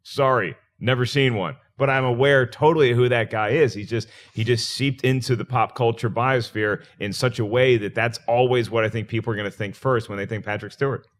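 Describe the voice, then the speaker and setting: Brief: male co-host, easygoing movie chat, wry, mid pitch. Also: a little fast, few pauses. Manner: relaxed, wry, thinks out loud. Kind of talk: casual panel chat.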